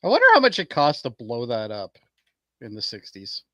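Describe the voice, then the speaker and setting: Man, podcast panelist, bright and lively, deadpan jokes, dry close mic. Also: mid-range voice, moderate pace, dry recording, dull audio. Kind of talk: casual chat.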